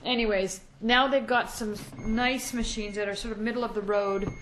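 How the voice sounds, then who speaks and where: A woman's voice: on the high side, fairly even intonation, normal speed, a bit bright, slight background noise, low-quality recording. A woman hosting a podcast in casual, chatty talk from a small home office studio. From Canada. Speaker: podcast host.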